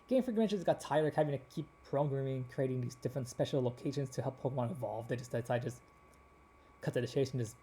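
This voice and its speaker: A man hosting a gaming video, rambling casually with many restarts, his voice a little hoarse. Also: medium pitch, fast talker, warm tone, a little hiss or hum. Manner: rambling, with frequent restarts and fillers. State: slightly hoarse. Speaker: gaming channel host.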